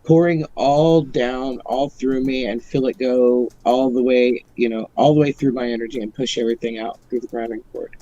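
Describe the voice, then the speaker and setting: A man in his forties, a guest on a live chat, easygoing and quick to laugh, explaining things casually. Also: mid-range voice, fairly even intonation, warm tone, highs cut off.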